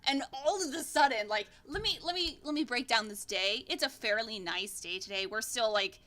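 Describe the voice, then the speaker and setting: Bright high-voiced woman game master. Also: moderate pace. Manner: rambling, swears freely, laughs often. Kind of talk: narrating a tabletop game.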